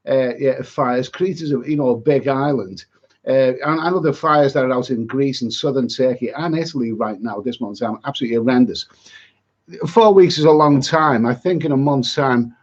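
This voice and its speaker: Husky man chatting on a lo-fi stream. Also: medium pitch, darkish tone. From Britain. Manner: chatty, rambling, repeats his words, stumbles and restarts. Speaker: travel vlogger hosting a live chat. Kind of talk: live-stream chat, reading viewer comments.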